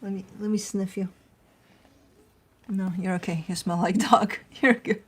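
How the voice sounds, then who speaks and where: Husky casual woman, loose and chatty. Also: medium pitch, steady tone, unhurried. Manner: chatty, swears casually, coos baby talk at her dog. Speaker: tarot reader and channel host. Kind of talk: casual chat to camera. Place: at home.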